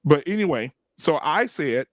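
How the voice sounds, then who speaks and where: Middle-aged man, fairly high voice, dry close sound, blunt storyteller for casual podcast talk. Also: normal speed, no room sound. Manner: blunt, profane, animated storytelling with acted quotes. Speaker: podcast co-host. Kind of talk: casual group chat, storytelling.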